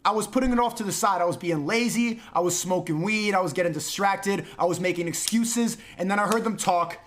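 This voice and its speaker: A man with a very high voice rants to his livestream chat. He mocks, swears and bursts into shouting. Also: fairly quick, slight background noise. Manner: loud mocking, profane, shouting. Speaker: streamer.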